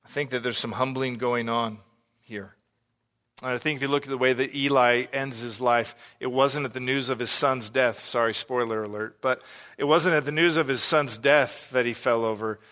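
A man preaching an expository sermon as pastor, earnest and animated, sometimes acting out the lines he quotes. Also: medium pitch, moderate pace.

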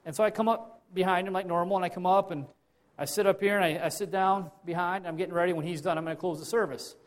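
Storytelling male pastor, fairly high voice. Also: fairly even intonation, fast. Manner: conversational storytelling with many restarts and repetitions. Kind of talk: sermon.

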